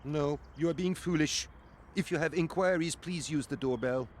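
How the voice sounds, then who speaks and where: An actor playing a brusque, scolding gate guard in an adventure game. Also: male voice, fairly high pitch, normal speed, slight background noise, lightly acted. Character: stern, officious male gate guard.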